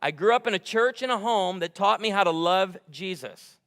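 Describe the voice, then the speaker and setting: A man preaching a sermon as pastor, animated and fired up, telling humorous stories from a church stage. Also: high voice, normal speed. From United States. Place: large church sanctuary. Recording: long hall reverb.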